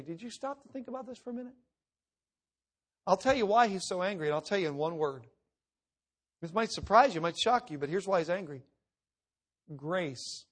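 High-voiced man preaching with emphasis. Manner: emphatic preaching, shifts between loud and hushed; acts out quoted voices. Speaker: pastor. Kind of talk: sermon.

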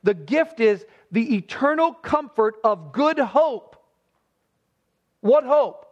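A man with a high voice delivers an expository sermon as pastor. He presses his points with emphasis and throws rhetorical questions at the congregation. The recording sounds dull and lo-fi. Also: sing-song, takes it slowly.

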